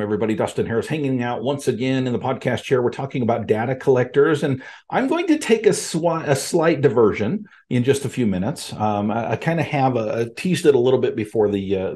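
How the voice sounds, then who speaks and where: A man's voice: mid-range voice, warm tone. A man hosting a podcast from his home office, giving an emphatic monologue and speaking straight to his listeners as folks and friends. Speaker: podcast host.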